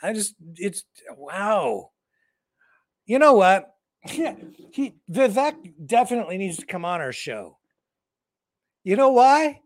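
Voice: medium pitch, big pitch swings, slow pace, pauses often, no echo. A co-host of a livestream news show, rambling through joking satirical commentary with mock outrage and lots of fillers. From Canada.

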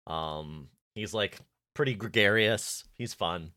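A man's voice: fairly low pitch, pushed and bright, dry recording. Chatty young man, dry close sound. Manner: rambling, lots of "like", quick laughs. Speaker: podcast co-host. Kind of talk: casual chat.

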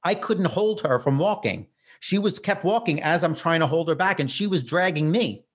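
A man's voice: a little high, slightly rough. A man hosting a podcast, telling a story in a casual, self-mocking way. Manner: animated, self-mocking storyteller with quick bursts. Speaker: podcast host.

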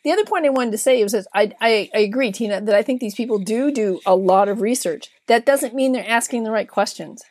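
A woman's voice: on the high side, a little fast, hardly any pauses, darkish tone, no echo. A woman who works as a dog trainer, chatting casually and earnestly. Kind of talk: casual podcast chat.

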